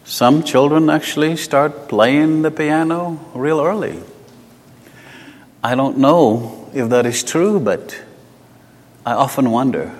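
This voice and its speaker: A man with a South African accent preaching a sermon. He talks conversationally and tells personal stories, moving between emphatic lines and hushed asides. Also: medium pitch. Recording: long hall reverb.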